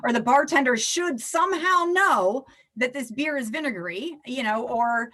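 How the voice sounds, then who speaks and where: A woman's voice: sits high, normal speed. A woman, a life coach, talking animatedly as a guest in a podcast interview. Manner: animated, acts out little quoted scenes.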